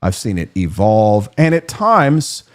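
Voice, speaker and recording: Sarcastic man in his forties, lively pitch. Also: slow pace. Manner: sarcastic, mocking. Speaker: political commentator. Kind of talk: comedic political monologue.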